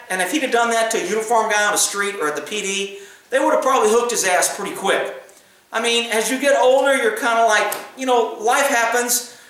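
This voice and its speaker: Middle-aged man, ex-cop storyteller, profane and animated, sharp bright tone, a bit off-mic. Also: very high voice, recorded from a distance. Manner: profane, laughing, animated retelling with quoted dialogue. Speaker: retired police officer telling stories. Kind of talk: casual storytelling. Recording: echoey room, voice a bit off-mic.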